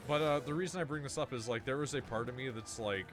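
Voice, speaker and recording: A man's voice: medium pitch, quick pace, music in the background. A Canadian man from Ontario hosting a casual gaming stream, rambling and swearing as he interrupts himself. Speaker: streamer host.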